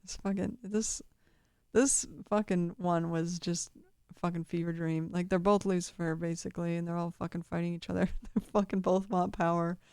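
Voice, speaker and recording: Mellow-voiced woman, rambling commentary. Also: fairly low pitch, level tone, normal speed, hardly any pauses, smooth, dry recording, studio quality. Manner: rambling, swears constantly, laughs often. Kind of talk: casual video commentary.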